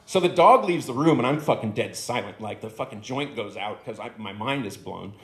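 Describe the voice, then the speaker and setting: A man's voice: medium pitch, expressive, fairly quick. A man doing stand-up comedy at an open mic, telling a rambling, swearing story into a handheld microphone in a club. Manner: rambling, profane, conversational. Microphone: handheld stage microphone. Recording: echoey club room.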